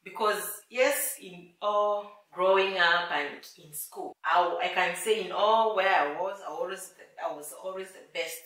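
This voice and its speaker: A woman in her thirties telling her story as an interview guest, animated and laughing often, acting out the voices she quotes. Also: fairly low pitch, unhurried, hardly any pauses. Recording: echoey room, mic at a distance.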